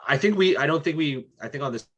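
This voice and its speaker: Animated young man in casual sports chat. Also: on the high side, dull audio. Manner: animated, talks in quick bursts with frequent "right?". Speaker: podcast co-host.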